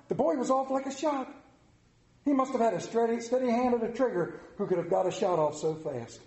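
A male pastor with a fairly high voice narrates a story and then leads prayer. He speaks with an earnest, rhythmic preaching cadence, and his voice rings around a roomy church. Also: brisk, darkish tone. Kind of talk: sermon with story reading and prayer.

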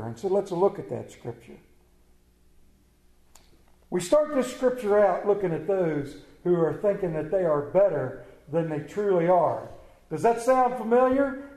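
A high-voiced man preaches in a church sanctuary, mixing scripture with humorous stories that poke fun at himself. His voice rings through a roomy, echoey hall. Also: a little mellow. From Maryland. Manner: storytelling, self-mocking humor. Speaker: pastor. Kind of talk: sermon.

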